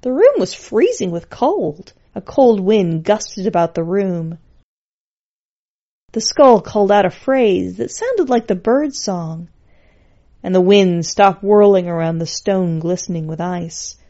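A woman storyteller reading a fantasy tale aloud, her voice at a middling pitch and steady pace. The recording is somewhat dull and lo-fi. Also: takes it slowly.

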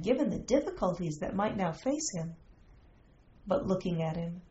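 A woman reading a fantasy romance aloud as a narrator, in a slow, measured way. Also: mid-range voice. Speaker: story narrator. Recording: roomy, slightly dull recording.

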